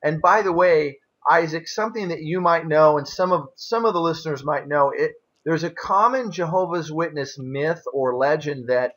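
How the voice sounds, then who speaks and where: A man's voice: fairly high pitch, normal speed, few pauses, fairly bright tone. A man hosting a casual interview, plainspoken and explaining at length with folksy asides. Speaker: interview host, former elder. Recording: dull lo-fi audio.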